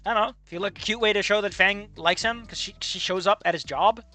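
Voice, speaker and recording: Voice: medium pitch, fairly quick, sharp tone, soft background music. A streamer ranting in a profane, exasperated way and laughing often as they react on stream.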